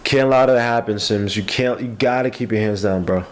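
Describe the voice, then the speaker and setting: A man's voice: lowish voice, brisk, slight background noise. A man with a stuffy nose, hosting a podcast and giving loose, rambling live play-by-play with asides. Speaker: podcast host. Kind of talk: casual live game commentary.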